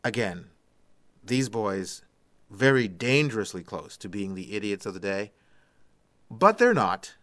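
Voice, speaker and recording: A man's voice: on the low side, big pitch swings, a little slow, pauses often, a bit bright, no room sound. A man hosting a radio show, reading strange news stories and adding sarcastic asides in a studio. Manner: sarcastic asides after each story. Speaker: radio host. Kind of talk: reading odd news with commentary.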